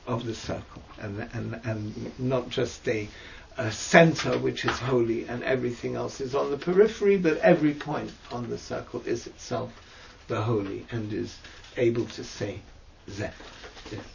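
A man teaching mystical texts in a slow lesson over a video call, hesitant and searching for words with fillers and restarts. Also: creaky. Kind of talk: slow explanatory lesson with many pauses. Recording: dull low-fi audio with faint noise.

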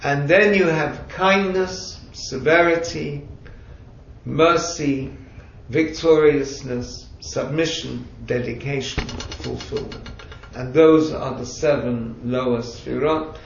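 A man's voice: mid-range voice, slow, vocal fry, a little hiss or hum. A man teaching a group, explaining patiently with chatty asides. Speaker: religious teacher. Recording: echoey room, distant mic, dull sound.

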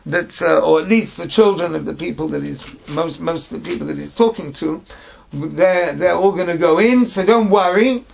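A man teaching a Torah class, reading Hebrew phrases and translating them into English with halting restarts. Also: on the high side, creaky, a crowd in the background. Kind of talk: text study class. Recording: dull lo-fi recording.

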